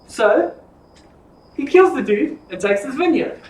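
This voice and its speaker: A man teaching an informal Bible study, telling the stories in a lively, jokey way. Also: extremely high pitch, a little slow, long pauses. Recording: echoey room from far off.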